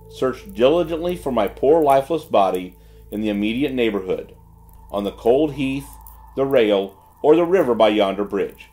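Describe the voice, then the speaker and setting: A man's voice: mid-range voice, darkish tone, natural voice. A man voicing a disgraced clergyman's farewell letter in a solemn, declaiming way. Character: ruined gambling clergyman writing farewell.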